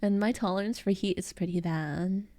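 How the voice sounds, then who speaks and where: A woman's voice: medium pitch, moderate pace, dark tone, no room sound. An American woman with an Eastern American accent, chatting casually with her live chat as a streamer and giggling often. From United States.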